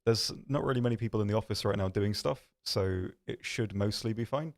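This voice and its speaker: A man hosting a game livestream from an office, answering viewer questions in a rambling, self-deprecating way with many pauses and restarts. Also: on the low side. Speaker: stream host. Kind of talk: casual livestream chat reading viewer questions.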